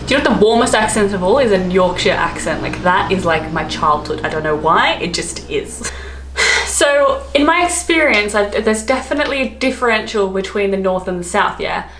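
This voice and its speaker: A woman's voice: medium pitch, expressive, moderate pace, fairly bright tone, a little hiss or hum. Chatty Australian woman in an echoey room. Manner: chatty, rambling, laughs often. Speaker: travel vlogger. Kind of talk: casual chat to camera. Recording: echoey room, faint ambience.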